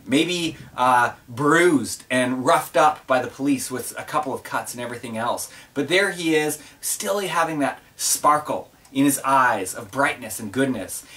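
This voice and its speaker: A pastor preaches by telling scripture as a series of vivid film scenes. His voice is slightly high for a man. The voice is picked up from a distance in a church. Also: fairly bright tone. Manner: vivid, cinematic storytelling.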